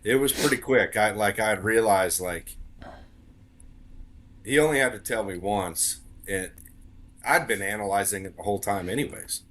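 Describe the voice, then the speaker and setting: A man with a somewhat low voice tells a story as a podcast guest. He talks earnestly in casual conversation and repeats key words for emphasis. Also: normal speed, pauses often, a bit bright.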